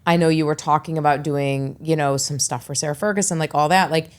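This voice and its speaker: A woman's voice: deep voice, fairly even intonation, brisk, clean tone. A woman hosting a podcast interview, chatty and encouraging, casually blunt in her wording. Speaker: podcast host.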